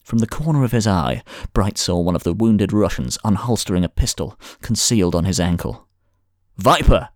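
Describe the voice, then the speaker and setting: Male audiobook narrator, low, measured storytelling, dry studio read. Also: lively intonation, a little mellow, no room sound.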